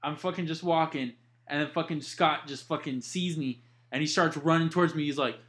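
A young man telling stories in a casual chat with friends, swearing constantly and animated. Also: a little high, brisk. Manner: profane, animated storytelling with heavy swearing.

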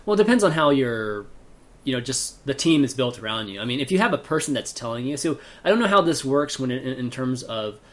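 A man's voice: mid-range voice, sing-song, brisk. A man hosting a casual gaming chat, talking hesitantly with many fillers and restarts.

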